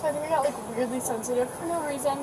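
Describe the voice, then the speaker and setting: Brief: tearful, tipsy young woman with a very high voice, swearing then apologizing, heard from afar on body cam over loud noise and crowd. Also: racing, far from the mic. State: crying, drunk. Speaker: arrested woman.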